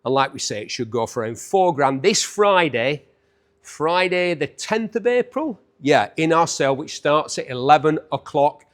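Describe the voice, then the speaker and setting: A man's voice: on the high side, lively intonation, moderate pace. A man, middle-aged, casually presenting an auction preview to camera and cracking teasing jokes to the camera operator.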